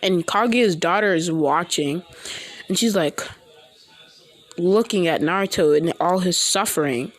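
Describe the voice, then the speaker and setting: A woman improvising a fan story, halting and rambling with many restarts. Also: on the low side.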